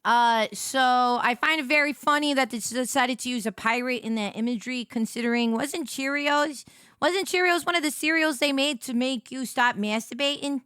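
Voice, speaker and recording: A woman's voice: high voice, normal speed, sharp tone, smooth, no room sound. A woman livestreamer chatting casually with her viewers, giggly and rambling, on a close desk microphone. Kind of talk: casual stream chat.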